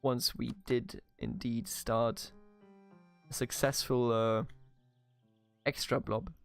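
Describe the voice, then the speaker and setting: A man's voice: medium pitch, fairly even intonation, slow pace, gravelly. German-accented male gamer, chatty let's-play narrator, faint backing music. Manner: chatty, jokey, thinks aloud with restarts. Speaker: gaming YouTuber. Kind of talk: strategy game let's play commentary.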